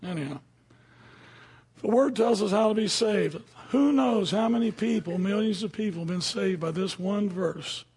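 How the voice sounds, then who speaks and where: A man's voice: high-pitched, normal speed, a little mellow. A man teaching from the Bible in a casual, conversational way, often asking his listeners questions. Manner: conversational, asks the audience questions. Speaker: preacher.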